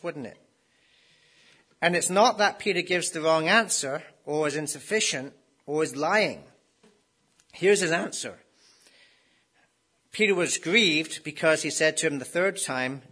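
Husky, bright-voiced male preacher. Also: fairly high pitch. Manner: conversational preaching with rhetorical questions. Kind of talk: sermon.

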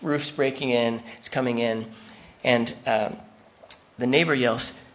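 A man's voice: medium pitch, fairly even intonation, unhurried, fairly bright tone. A man preaching a sermon in a conversational way, acting out the voices of the people he quotes. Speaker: pastor.

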